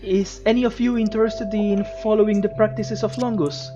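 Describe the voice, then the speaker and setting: A squeaky, excitable gnome clergyman, as a man puts him on for a tabletop game, talking fast in a high, bouncing voice. The sound is dull and lo-fi, and music plays clearly behind him. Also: close to an everyday voice. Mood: eager. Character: eager, chirpy gnome cleric recruiting for his temple.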